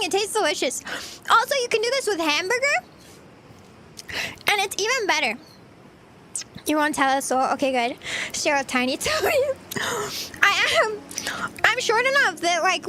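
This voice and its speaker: A woman's voice: very high voice, sharp tone. A woman VTuber streamer chatting casually with viewers while she eats, giggly and rambling. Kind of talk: casual livestream chat.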